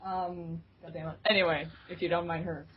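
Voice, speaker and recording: A woman's voice: fairly low pitch, little pitch movement, fairly quick, slight background noise. A young woman chatting casually as a podcast guest, telling a story with giggles and playful put-on voices. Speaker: guest, fan site staff member. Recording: dull lo-fi remote audio.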